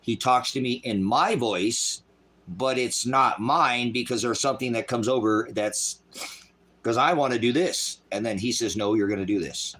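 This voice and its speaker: A middle-aged man preaching in an angry, profane livestream style, voice swinging loud. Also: medium pitch, unhurried. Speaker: street preacher.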